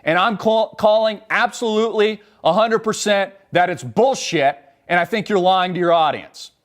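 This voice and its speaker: A man's voice: high-pitched, normal speed. A man hosting a live political commentary show, fired up, blunt and swearing freely. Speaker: show host.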